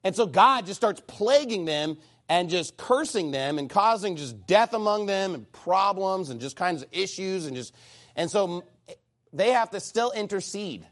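Male preacher, lively high delivery, blunt, reads and paraphrases scripture. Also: unhurried. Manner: animated and blunt, quoting scripture and acting out God's voice. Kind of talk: sermon.

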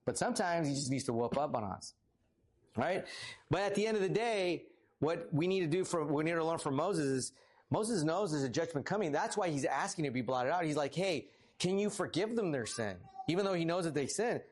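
Animated casual male pastor. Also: fairly quick. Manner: casual, animated, rises in pitch for emphasis. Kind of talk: conversational sermon.

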